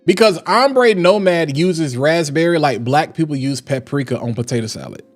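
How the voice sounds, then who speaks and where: Brief: high-pitched male fragrance reviewer, energetic slangy live-stream talk, faint music behind. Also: normal speed. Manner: animated and emphatic, slangy. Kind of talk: casual live-stream chat.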